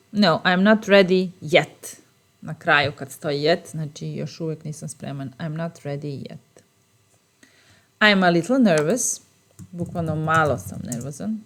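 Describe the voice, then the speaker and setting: A woman with a Serbian accent teaching short English phrases, repeating each one slowly and explaining patiently. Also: lowish voice. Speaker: language teacher. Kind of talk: bilingual phrase lesson.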